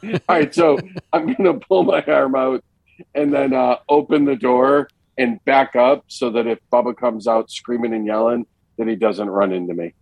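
A man's voice: mid-range voice, normal speed, vocal fry, no echo, low-quality recording. A man playing a tabletop horror game who talks casually and swears, describing what his character does. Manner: lively, swearing, laughing player. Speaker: player.

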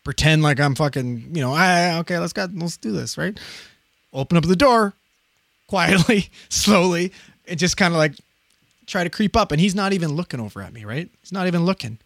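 A man's voice: on the high side, fairly quick, no room sound, clean studio sound. A man in his thirties, a paramedic, casually telling a story with lots of swearing and acted-out voices. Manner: profane, animated, acts out quoted voices.

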